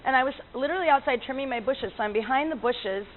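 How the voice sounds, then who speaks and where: A woman's voice: sits high, fast talker. A woman who works as an animal communicator, telling stories in a chatty way with frequent laughs and restarts. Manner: chatty, laughs often, many fillers and restarts. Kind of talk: casual storytelling talk. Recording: tinny lo-fi line with faint noise.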